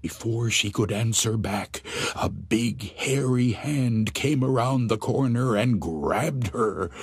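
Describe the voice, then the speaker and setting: A man narrating scary stories for an audiobook, telling them slowly and with suspense. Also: medium pitch, slightly rough, no echo. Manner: slow, suspenseful, expressive telling. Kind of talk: scripted storytelling narration.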